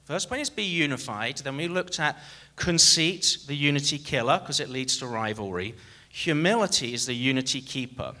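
Man, pastor, sermon, animated, jokey, very expressive melody, crisp bright tone. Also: mid-range voice. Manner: animated and jokey, with sudden swings in loudness.

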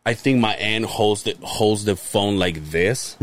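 A young man co-hosting a casual podcast, telling a family story in an animated way, acting out his relatives' voices and swearing freely. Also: fairly low pitch, a little slow. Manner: laughs hard and often. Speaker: podcast co-host.

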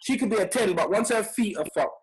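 A man's voice: high-pitched, animated, fast talker. A man co-hosting a podcast, chatting casually in slang. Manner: laid-back slang-heavy talk. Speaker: podcast co-host. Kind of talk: casual banter.

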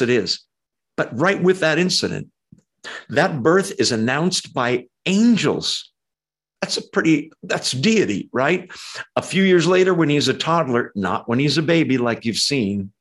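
A man preaching a sermon, animated and emphatic, with conversational asides. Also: medium pitch, breathy edge. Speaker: pastor.

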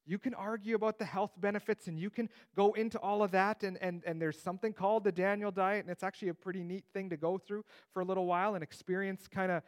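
A man teaching through a Bible passage in a conversational way, with joking asides. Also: high voice.

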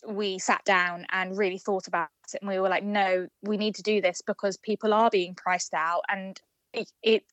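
A woman's voice: mid-range voice, little pitch movement, normal speed, a bit bright, dry recording. A woman, a supporters' trust representative explaining a fan campaign at length in a casual podcast interview, with many fillers and restarts.

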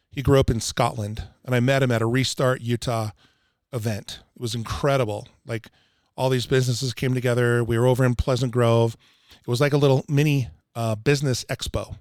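A man's voice: medium pitch, steady tone, normal speed, darkish tone, dry recording, studio quality. A man talking casually as a podcast guest, pressing his points hard and repeating phrases for emphasis. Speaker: water filtration installer, guest. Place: Utah.

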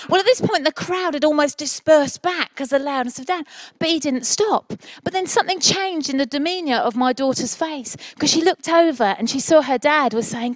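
High-voiced woman preaching warmly. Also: animated, moderate pace, dry recording. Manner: earnest, encouraging storytelling with rising passion. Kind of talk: sermon.

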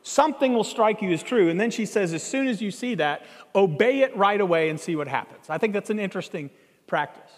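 Man preaching in a church, high pitch, animated storyteller, long hall echo. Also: brisk. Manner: animated, acts out quoted dialogue, conversational asides. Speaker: pastor. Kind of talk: sermon storytelling.

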